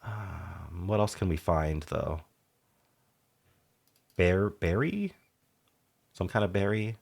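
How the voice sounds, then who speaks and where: A deep-voiced man with a slightly sore throat works through word puzzles out loud. He mutters and trails off while thinking, then brightens with quick asides to the viewer. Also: lively intonation, gravelly, slightly rough. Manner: muses half to himself, trails off, sudden brighter asides. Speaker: puzzle game streamer. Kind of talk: casual thinking aloud while solving puzzles.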